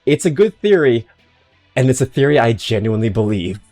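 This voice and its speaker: A man's voice: mid-range voice, sing-song, a little fast, warm tone, faint music behind. A man streaming a game, rambling through casual, slangy commentary with swearing and self-mocking asides.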